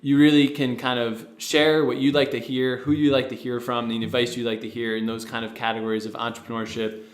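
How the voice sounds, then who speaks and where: Young guy rambling on a podcast, mid-pitched voice, roomy echoey sound. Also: level tone, a little fast. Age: young adult. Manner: rambling, with many fillers and restarts. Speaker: podcast founder and co-host. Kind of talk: casual podcast chat. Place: studio with a producer present.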